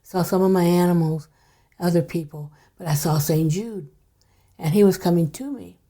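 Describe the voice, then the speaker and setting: An older woman appearing as a podcast guest recounts a personal story casually, in a lowish voice at normal speed. Her tone is hushed, and she often drops almost to a whisper.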